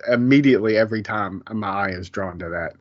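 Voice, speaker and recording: A man's voice: fairly low pitch, a little fast, no echo, muffled recording. A man co-hosting a podcast, chatting casually in a rambling way with many fillers and restarts. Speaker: podcast co-host. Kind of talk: casual chat.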